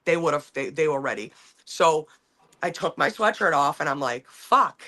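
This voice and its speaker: A woman's voice: sits low, lively intonation, moderate pace, a bit bright. A woman in her forties, a podcast host, telling a rambling, profane story in casual chat with many restarts.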